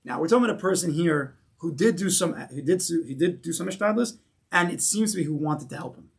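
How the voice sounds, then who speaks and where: A man with a slightly high, gravelly voice leads a casual Torah class at a brisk clip. He's animated, tosses out rhetorical questions, and acts out the stories he tells.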